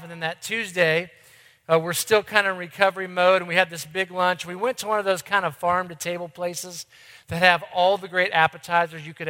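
A man's voice: high voice, bright, forceful tone, big-room sound. A middle-aged man, a church ministry director, telling a self-deprecating story in a conversational sermon.

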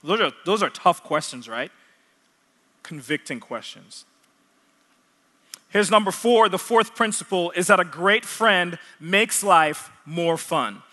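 Male preacher from Jamaica, high and bright, earnest and repetitive; long hall reverb. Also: lively intonation, slow pace. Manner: earnest, repeats key points for emphasis. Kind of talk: sermon.

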